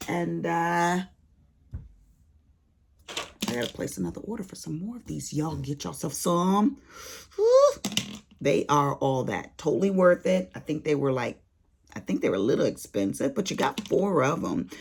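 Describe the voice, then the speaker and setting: An older woman vlogging to her viewers, telling a story in a folksy, animated way. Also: deep voice, moderate pace, creaky, slight background noise. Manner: animated storyteller, folksy Southern-style talk. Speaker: crafting vlogger. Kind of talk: casual chat to viewers.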